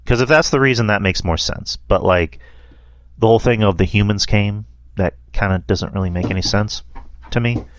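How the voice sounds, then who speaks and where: A man with a lowish voice hosts a casual movie review podcast at a moderate pace, with no echo on the recording. He rambles, laughs often, and quotes lines in a mocking voice.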